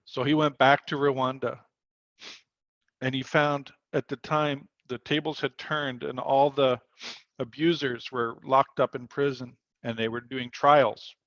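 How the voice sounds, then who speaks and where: A man's voice: mid-range voice, little pitch movement, unhurried, fairly bright tone, no echo, muffled recording. A man leading a spiritual workshop over a video call, telling a story earnestly and quoting the people in it. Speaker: workshop leader.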